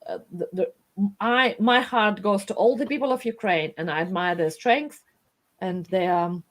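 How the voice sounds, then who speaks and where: Woman, tearful, impassioned, pleading, halting restarts, live commentary. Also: mid-range voice.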